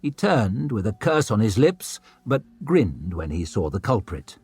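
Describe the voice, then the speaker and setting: A man's voice: on the low side, big pitch swings, a little slow, a little mellow, husky, dry recording, soft background music. A man narrating a fantasy audiobook in a dramatic storytelling manner. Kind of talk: scripted narration.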